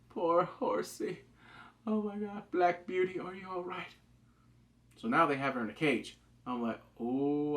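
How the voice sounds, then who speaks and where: A man casually reviewing a TV episode, excitable, acting out quotes with big jumps in pitch and swearing loosely. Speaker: TV show reviewer.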